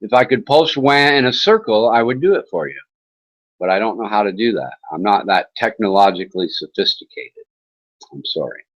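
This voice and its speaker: A man's voice: fairly low pitch, lively intonation, moderate pace, a bit bright, lo-fi sound. A man hosting an internet talk show, chatting in a casual, rambling way with mocking sarcasm and swearing.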